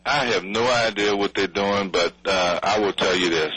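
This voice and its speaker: Furious husky man. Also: on the low side, normal speed, bright, forceful tone, low-quality recording. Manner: furious, blunt, swearing, pleading. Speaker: city official interviewed by radio. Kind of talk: angry radio interview. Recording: radio broadcast audio.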